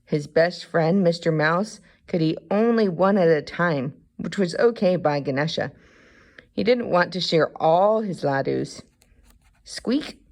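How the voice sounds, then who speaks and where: A woman reading a children's storybook aloud, expressive in manner. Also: on the low side, unhurried.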